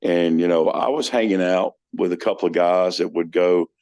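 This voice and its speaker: A man's voice: low voice, moderate pace, a little mellow. A man talking as a podcast guest in casual chat, telling stories earnestly with many restarts.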